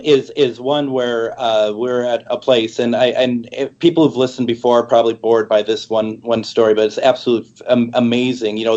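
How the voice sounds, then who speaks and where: A man's voice: medium pitch, a little mellow, muffled recording. A man co-hosting a talk show who explains things in an eager, rambling casual chat. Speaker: co-host.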